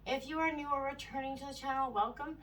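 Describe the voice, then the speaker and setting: A woman's voice: high-pitched, steady tone, quick pace, fairly bright tone, distant mic, slight background noise, poor audio. A woman giving a casual tarot reading, a little out of breath, meandering and full of "you know" and "right?". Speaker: tarot reader.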